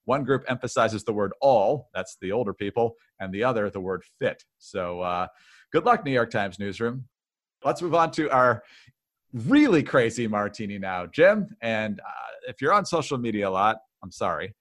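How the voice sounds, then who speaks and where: A man's voice: on the low side, big pitch swings, normal speed, a bit bright. A man co-hosting a political podcast, talking in a dry, conversational way with frequent fillers. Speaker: podcast co-host. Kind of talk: political commentary chat.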